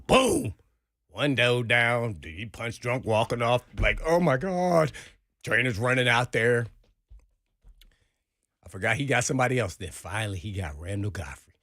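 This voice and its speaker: A man co-hosting sports talk radio, telling an animated story and acting out the quotes. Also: medium pitch, dry recording, clean studio sound. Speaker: sports radio co-host, former player.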